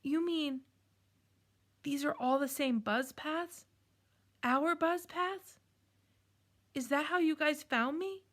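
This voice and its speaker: A woman's voice: on the high side, sing-song, a little slow, exaggerated voice. A woman voicing an earnest, kind young male animal with eager, rising questions in a storybook reading.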